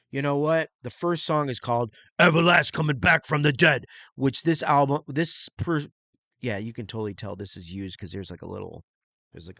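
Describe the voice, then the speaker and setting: Bright-voiced rambling middle-aged host. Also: male voice, medium pitch, dry recording. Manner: rambling and crude, imitates beats with mouth sounds. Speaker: channel host reviewing music and movies. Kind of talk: casual solo vlog talk.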